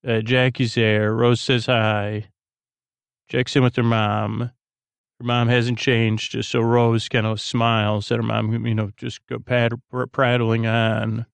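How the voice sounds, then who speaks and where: A podcast host, a man, drifts through a bedtime episode recap, stumbling and circling back as he goes. His voice is rough with fry and stays level in pitch. It sits close and dry on the mic. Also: level tone, no room sound. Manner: halting, meandering, many fillers and restarts.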